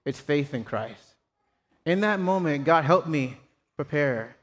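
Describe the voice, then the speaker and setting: A man's voice: fairly high pitch, lively intonation, slow, fairly bright tone. A man preaching a sermon, telling a personal story in a casual, self-deprecating way. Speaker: pastor. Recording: long hall reverb.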